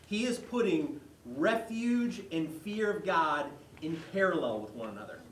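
A male pastor giving a conversational sermon, retelling a story with lively quoted voices. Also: on the high side, a little slow, slight background noise. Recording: echoey hall, mic far off.

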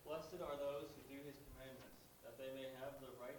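A man in a class reading a scripture passage aloud at a steady pace. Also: mid-range voice, fairly quick. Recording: echoey room, far from mic, hiss.

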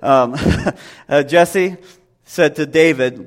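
Male preacher, thirties, chatty sermon delivery, slightly higher-pitched voice. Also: moderate pace. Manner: conversational, acts out voices. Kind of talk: casual sermon.

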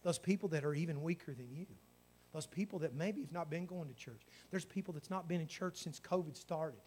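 A man's voice: a little high, a little fast, darkish tone, slight background noise. A man, a pastor telling a story in his sermon and then praying with fervour. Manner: storytelling that builds to fervent praying.

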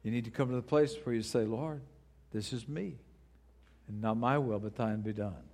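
Earnest preaching man, pleading then hushed. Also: on the high side. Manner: earnest, swings from loud pleading to hushed prayer. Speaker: pastor. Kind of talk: sermon. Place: church.

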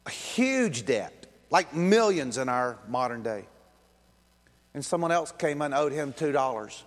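A pastor, a man, preaches in a loose, conversational way, slipping into quoted voices. His voice sits at an ordinary middle pitch. The sound carries a long reverb from the church hall. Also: very animated, slow pace, pauses often. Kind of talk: sermon.

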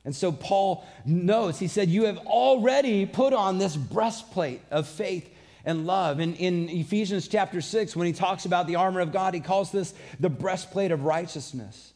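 A man's voice: sits high, normal speed, darkish tone. A man preaching a sermon, earnest and conversational, mixing scripture with personal stories. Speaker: pastor.

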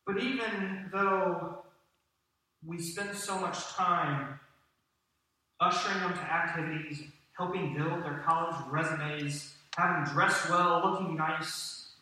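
A man's voice: fairly high pitch, fairly even intonation, slow pace, bright, forceful tone. A man preaching a sermon to his congregation in a church, talking conversationally and asking his listeners questions. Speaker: pastor. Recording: echoey hall from a distance.

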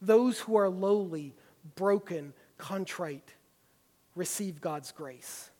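A man's voice: high-pitched, takes it slowly. A man preaching a sermon, teaching through a Bible passage with emphatic stresses. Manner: emphatic, builds to forceful stresses. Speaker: pastor. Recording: long hall reverb.

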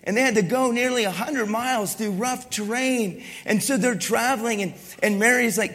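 High-voiced pastor preaching in an echoing hall. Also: male voice, normal speed, hardly any pauses. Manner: animated, conversational, acts out voices; asks the crowd for agreement. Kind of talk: sermon. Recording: long reverb in a large hall.

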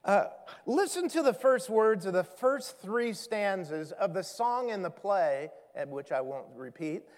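A male pastor with a high voice delivers a sermon at an unhurried pace. He moves between casual asides to the congregation and expressive readings of scripture. A long reverb trails every phrase, as if he is in a big church hall. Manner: conversational preaching, dramatic scripture reading.

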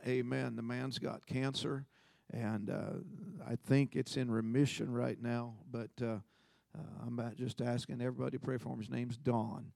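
A man's voice: medium pitch, vocal fry, darkish tone, no echo. A man, a visiting preacher, telling a story, sprinkling in amens. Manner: folksy storytelling with frequent amens. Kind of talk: sermon. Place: church.

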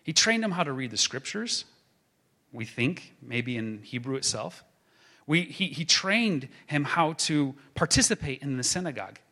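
A man preaching a sermon as a pastor, building to emphatic proclaiming and then dropping to a hushed tone. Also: on the high side, expressive, normal speed.

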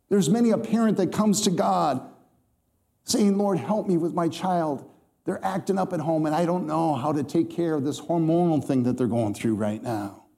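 Mellow-voiced man preaching a sermon. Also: fairly high pitch. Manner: emphatic, scripture-quoting, addresses congregation directly.

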